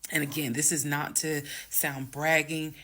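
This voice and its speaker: A woman telling a story from her own life to viewers, emphatic and direct, dropping to hushed whispers and rising to loud bursts. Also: sits low, flat delivery, a little slow. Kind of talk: storytime monologue.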